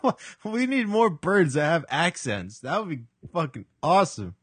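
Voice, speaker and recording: A man's voice: a little high, sing-song, normal speed, fairly bright tone, breathy edge, dry recording. A man hosting a podcast in a casual, jokey chat, laughing often and swearing freely. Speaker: podcast host.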